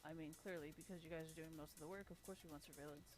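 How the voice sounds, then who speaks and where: A woman's voice: sits low, fairly even intonation, racing, over music. A young adult woman streamer ranting casually and bluntly, swearing heavily and laughing often. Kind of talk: casual profane rant.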